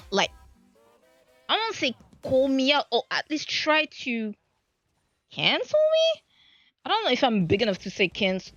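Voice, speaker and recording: A woman's voice: medium pitch, a bit bright. A woman streamer from the French Caribbean with a French Caribbean Creole accent, chatting casually in a rambling, self-deprecating way with many restarts. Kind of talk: casual chat. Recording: dull lo-fi stream audio.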